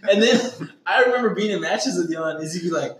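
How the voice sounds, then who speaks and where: A man's voice: sits high, lively intonation, fast, a bit bright, echoey room, a little hiss or hum, rough recording. A man telling gaming stories in casual chat, laughing often, swearing freely and acting out his friends' lines.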